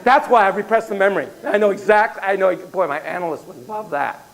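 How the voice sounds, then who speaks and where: A man giving a classroom lecture on child therapy, telling digressive, self-deprecating stories in an animated way. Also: high voice, fairly quick, gravelly, rough recording.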